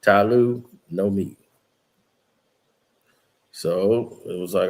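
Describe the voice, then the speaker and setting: A man's voice: on the low side, a little slow, pauses often, darkish tone. A man hosting a basketball channel, telling a locker-room story in a slangy, emphatic way and acting out what people said. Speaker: basketball commentator channel host. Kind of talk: casual storytelling monologue.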